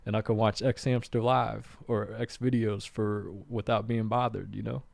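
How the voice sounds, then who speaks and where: A man's voice: lowish voice, level tone, normal speed, vocal fry, no room sound. A man hosting a podcast, chatting loosely and often checking in with "right?". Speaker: podcast host. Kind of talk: casual chat.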